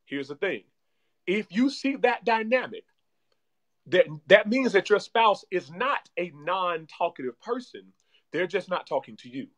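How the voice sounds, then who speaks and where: A man speaking as a guest relationship coach in animated podcast talk, energetic and repeating himself like a preacher. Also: sits high, measured pace.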